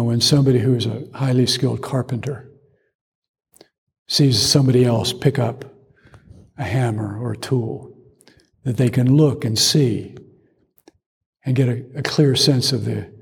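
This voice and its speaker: A male Zen teacher giving a dharma talk, telling stories in a measured way with pauses. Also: medium pitch, gravelly, slightly rough. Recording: long hall reverb.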